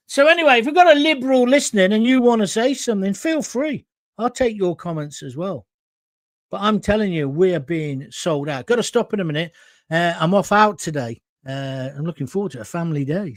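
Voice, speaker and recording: A high-pitched man hosts a ranting political livestream and talks straight to his audience. He is blunt and combative, and sounds dry and close with no room echo. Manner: blunt, combative, addresses viewers directly. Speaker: livestream host.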